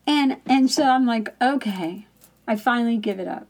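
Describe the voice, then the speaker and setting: A woman tells a personal story on a casual faith talk show, candid and rambling, with frequent laughs. Her voice sits a little high and carries a steady gravelly fry underneath. She talks as if among friends. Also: moderate pace.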